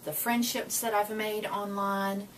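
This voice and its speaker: A woman's voice: medium pitch, little pitch movement, measured pace. A woman who is a Christian vlogger, giving a casual, earnest and emotional motivational talk to the camera. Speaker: Christian vlogger sharing encouragement. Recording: voice a bit far from the mic with faint noise.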